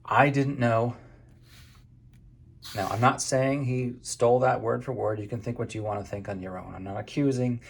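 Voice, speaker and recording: A man's voice: medium pitch, fairly even intonation, moderate pace, vocal fry, husky. A man from Maine giving a casual spoken book review in a conversational, hesitant way.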